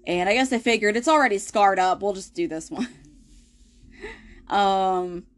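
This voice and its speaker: A woman's voice: medium pitch, measured pace. A young adult woman hosting a podcast, telling a hard personal story in a casual, candid way, swearing freely and laughing through the grim parts. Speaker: podcast host.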